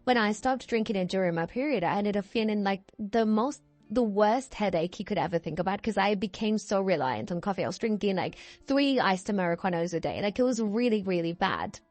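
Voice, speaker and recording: A woman's voice: medium pitch, expressive, a little fast, few pauses, darkish tone, no room sound, faint music behind. A woman in her twenties, tired and yawning, recording a chatty, meandering voiceover at home and often correcting herself mid-sentence. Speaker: video creator. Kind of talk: casual rambling voiceover. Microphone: voiceover microphone.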